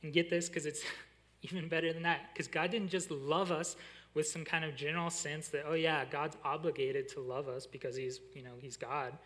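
Young guy preaching, lively story then slow soft points, kinda high voice. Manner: lively storytelling, slows and softens on key lines. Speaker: college pastor. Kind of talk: sermon with a personal story.

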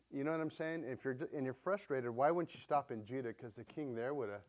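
A man's voice: medium pitch, fast, a little mellow. A man preaching a conversational sermon, retelling scripture stories in an everyday way and putting questions to his listeners. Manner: chatty, asks the congregation questions, retells scripture.

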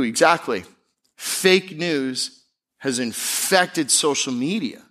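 Animated preaching man. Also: mid-range voice, measured pace. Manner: animated preaching with mocking put-on voices. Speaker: pastor. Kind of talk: sermon.

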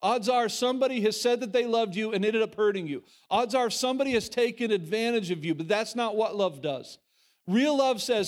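Preaching to his own congregation, a pastor with a high voice delivers his sermon at a fairly quick clip. His tone is earnest, and he often restarts lines and repeats words while swinging between forceful statements and hushed asides.

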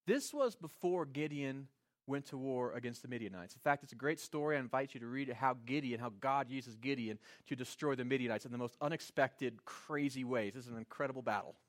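A man preaching a sermon in a conversational, animated way, voicing characters with playful asides. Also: mid-range voice, fairly quick. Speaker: pastor.

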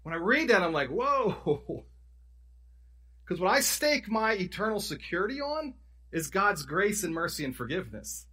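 Husky-voiced man preaching a sermon. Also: high voice, sing-song, fairly quick, sharp tone. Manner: conversational preaching, restarts and self-corrections, emphatic storytelling. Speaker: pastor.

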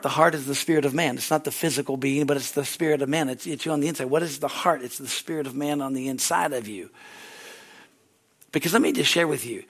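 A male pastor preaching a sermon in a church service, telling stories animatedly and laughing loudly. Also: on the high side. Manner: loud laugh, animated storytelling.

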